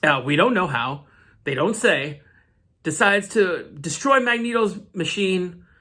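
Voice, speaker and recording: Man, comic channel host, casual recap, lively swinging pitch, animated delivery, side rants. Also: unhurried.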